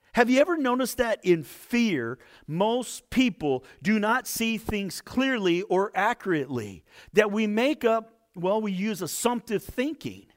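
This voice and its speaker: A man preaching a sermon, retelling a Bible story and explaining it. He lifts his voice to stress a point and drops to a near hush. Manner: expressive, rises for emphasis and drops low to a hush. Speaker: pastor.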